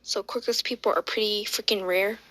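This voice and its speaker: A woman tells a fan story in a loose, rambling way, full of fillers and self-corrections. Her voice is bright and sharp, pitched in the ordinary middle range. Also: fairly even intonation, normal speed, dry recording, poor audio. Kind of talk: casual fan-story narration.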